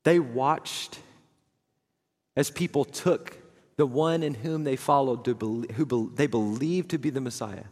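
A man preaching a sermon as dramatic storytelling, moving from hushed, somber lines to fervent, rising passages. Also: medium pitch, unhurried, big-room sound. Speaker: pastor.

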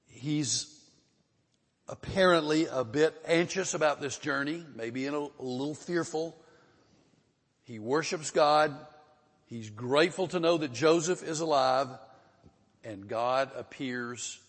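An older man teaches a Bible class, his voice a little husky. He talks to the room in an easy, conversational way and throws questions out to his students. The sound carries a long reverb, as in a large hall. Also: medium pitch.

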